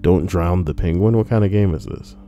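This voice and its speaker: A low-pitched man with a dark, mellow tone hosts a live stream, reading online posts aloud. He reads casually and keeps breaking in with playful, mock-dramatic jokes. Soft music plays faintly behind him. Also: a little fast. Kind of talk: casual reading with joking asides.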